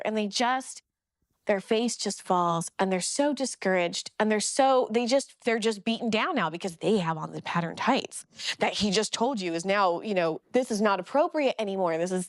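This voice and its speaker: Middle-aged woman, lively storyteller, slightly high voice, dry close sound. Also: no room sound. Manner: animated, acts out quoted voices. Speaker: ex-Mormon storyteller. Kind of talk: personal story told casually.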